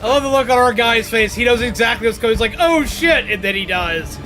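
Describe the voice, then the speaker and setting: A streamer giving loud, foul-mouthed gameplay commentary and shouting insults at the monsters. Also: mid-range voice, expressive, fast talker. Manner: loud, swearing, yelling at monsters. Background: game music.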